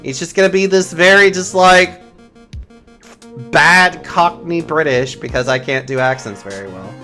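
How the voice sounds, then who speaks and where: A game streamer chatting casually during a let's-play, in a giggly, animated manner. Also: mid-range voice, a little slow. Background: game music.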